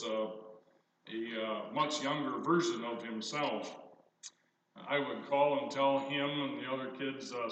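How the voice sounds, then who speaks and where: An older man preaching a sermon, reading scripture and telling stories in an animated, emphatic way. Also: mid-range voice. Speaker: pastor. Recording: echoey hall from far off, faint noise.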